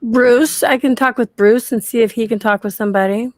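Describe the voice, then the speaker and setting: A woman's voice: fairly high pitch, steady tone, a little fast, no room sound. A woman hosting a casual interview, eager, with many encouraging interjections. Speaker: host.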